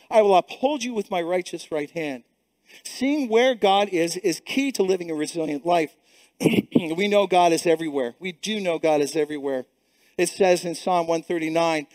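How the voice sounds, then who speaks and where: A man's voice: high-pitched, normal speed, dry recording. A middle-aged male pastor preaching a sermon with emphatic repetition and frequent restarts. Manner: emphatic, repeats words, many restarts.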